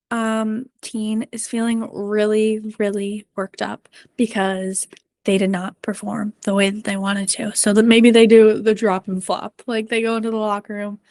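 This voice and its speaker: A woman mental performance coach giving a presentation to parents and coaches, earnest and gently encouraging with frequent ums. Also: medium pitch, dry recording.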